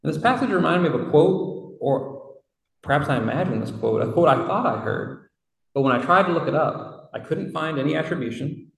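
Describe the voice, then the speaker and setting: A man's voice: fairly high pitch, lively intonation, fairly quick, vocal fry. A man preaching a sermon in a reflective, conversational way, with casual asides. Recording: roomy hall from far off.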